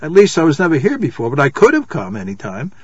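A man voicing a curious, stubborn ten-year-old girl in a read-aloud children's story, his husky voice raised in pitch. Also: wildly swooping pitch, fast, no echo, muffled recording, exaggerated voice. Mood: insistent.

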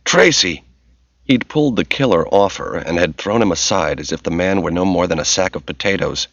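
Deep-voiced guy narrating an audiobook, steady pace, dry close sound, kinda dull lo-fi. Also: no room sound. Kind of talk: scripted narration.

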